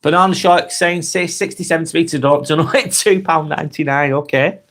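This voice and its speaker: A man in his forties with a Northwest English accent, getting over a cold, reading out viewers' comments and chatting back in a relaxed, friendly way. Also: fairly high pitch, a little fast. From Northwest England. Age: 40s. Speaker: live stream host reading comments. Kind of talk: casual live chat.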